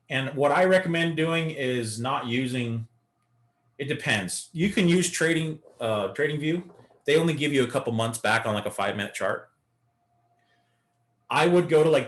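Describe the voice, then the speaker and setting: A man teaching a live beginner day-trading lesson, coaching and talking through chart examples. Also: medium pitch. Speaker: trading instructor.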